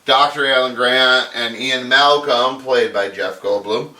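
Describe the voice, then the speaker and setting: A man's voice: mid-range voice, measured pace, bright, forceful tone, far from the mic. A man giving a crude, sarcastic comedic recap of a movie, swearing constantly. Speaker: podcast host. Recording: echoey room, off mic.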